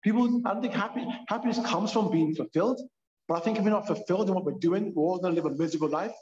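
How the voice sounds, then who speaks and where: A man with a London accent, a purpose coach talking as a podcast guest in an animated, emphatic way. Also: high voice, very fast. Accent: London English. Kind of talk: casual podcast conversation. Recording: echoey, dull lo-fi sound.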